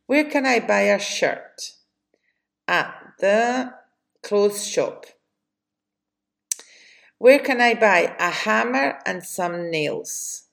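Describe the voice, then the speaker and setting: A Spanish-speaking woman with a Spanish accent teaches English vocabulary. She talks very slowly and carefully, reading out each question and answer. Her voice has a gravelly edge. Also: mid-range voice. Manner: slow and deliberate, reading drill questions and answers. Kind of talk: slow vocabulary lesson.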